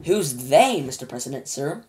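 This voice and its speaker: A woman's voice: a bass voice, sing-song, normal speed, a little mellow. Woman as brash astronaut, slangy, cheeky storybook voice. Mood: cocky. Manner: cocky, casual slang, talking back. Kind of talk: children's storybook reading.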